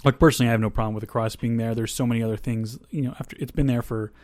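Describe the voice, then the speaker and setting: A man hosts a podcast in an easygoing, conversational way, drifting into asides and restarting his thoughts. His voice sits at a middle pitch. The recording is dry and close. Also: fairly even intonation, very fast, darkish tone, no echo. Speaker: podcast host. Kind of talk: casual podcast discussion.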